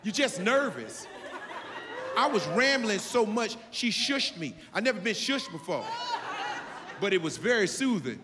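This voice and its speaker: A male comedian works the room in a loud, punchy, high-energy delivery, his voice sitting somewhat high. The recording is from a live comedy club, with a long hall echo and a very loud crowd throughout. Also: very animated, measured pace, background noise. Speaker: stand-up comedian. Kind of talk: stand-up comedy set.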